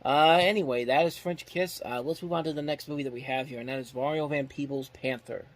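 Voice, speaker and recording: A man's voice: medium pitch, fairly even intonation, brisk. A man hosts a casual retro movie review in a plain, mid-range voice. He rambles, trips over restarts and fillers, and keeps circling back to his complaints. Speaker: film reviewer and host.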